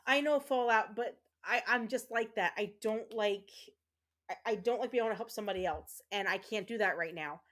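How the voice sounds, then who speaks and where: A woman's voice: medium pitch, normal speed, a bit bright. Chatty woman streamer, rambling. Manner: chatty, rambling with many fillers and restarts; emotional, tearful thanks to viewers. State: tearing up. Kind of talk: casual livestream chat while gaming.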